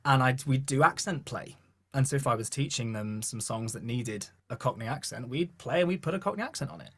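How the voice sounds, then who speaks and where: A man's voice: mid-range voice, fairly quick. A man with a posh southern English accent, a vocal coach telling stories in a podcast interview and acting out the voices of people he quotes. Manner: animated storyteller who acts out quoted voices. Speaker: vocal coach and gospel choir leader. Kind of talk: podcast interview, relaxed storytelling.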